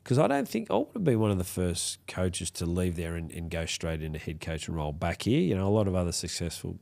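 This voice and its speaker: A man's voice: deep voice, very animated, fast talker, creaky, darkish tone. A middle-aged man, a rugby league coach guesting on a podcast, telling rambling anecdotes in casual conversation with many restarts. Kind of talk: casual interview storytelling.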